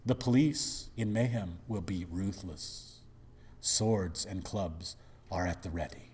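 A man preaching a sermon in a dramatic, rhetorical and animated way. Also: sits low, takes it slowly.

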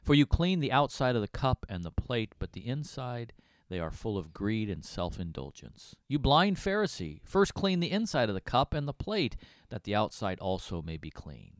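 A man's voice: medium pitch, very animated, moderate pace, hardly any pauses, no room sound, clean studio sound. A man co-hosting a Bible study, reading scripture aloud expressively with emphatic asides.

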